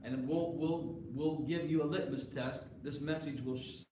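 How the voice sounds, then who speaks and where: In a church sanctuary, a male pastor with a steady, slightly high voice preaches conversationally at normal speed, often putting questions to his congregation. The live recording is echoey, picked up from far off, with background noise.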